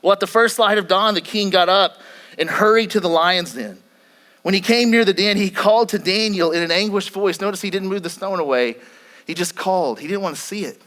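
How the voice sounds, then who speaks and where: A man's voice: high voice, fairly quick, a bit bright. A male pastor preaching a sermon, retelling a scripture story earnestly, with frequent repetitions and restarts.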